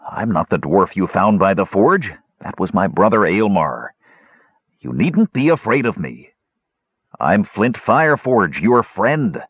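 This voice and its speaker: A man voicing a gruff male hill dwarf who speaks in an earnest, coaxing, hushed way. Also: fairly low pitch, sing-song, a little slow, dry recording, full character voice. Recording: dull lo-fi audio.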